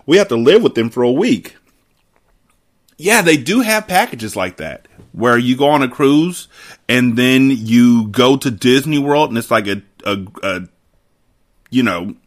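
A man hosting a podcast, reading a novel aloud and dropping laid-back, conversational asides. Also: medium pitch. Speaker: podcast host.

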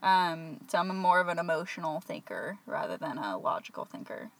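A woman's voice: deep voice, brisk, vocal fry. A woman hosts a laid-back podcast chat in a Californian accent. She explains at an easy pace, stringing thoughts together with fillers and restarts. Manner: explains things in a relaxed rambling way with fillers. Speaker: podcast host. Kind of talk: casual chat.

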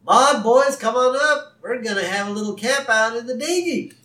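A man's voice: very high voice, normal speed, bright, forceful tone, recorded from a distance, voice pushed up. A man putting on an overly cheerful, square middle-aged male neighbor with a singsong way of talking. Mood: chirpy. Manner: chirpy, singsong. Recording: roomy echo.

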